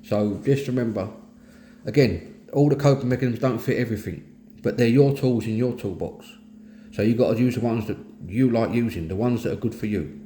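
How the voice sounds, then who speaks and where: A middle-aged man from East London, England, with a Cockney accent, hosts a mental health talk as a candid personal monologue, speaking plainly, earnestly and bluntly about his own mental health. His medium-pitched voice has a dark tone and moves a little fast. The room is echoey with faint noise.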